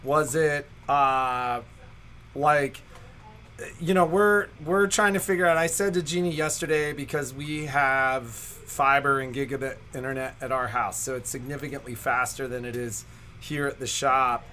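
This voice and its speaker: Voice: mid-range voice, steady tone, unhurried, pushed and bright, slight background noise. A co-host of a shop livestream chatting casually and thoughtfully, rambling with fillers, from the sewing shop. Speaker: store co-host.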